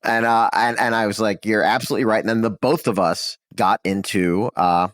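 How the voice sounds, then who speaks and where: A man's voice: on the low side, normal speed, fairly bright tone, no room sound, clean studio sound. A man chatting casually as a podcast guest, rambling with lots of fillers and restarts. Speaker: podcast guest, comedy writer. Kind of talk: casual chat.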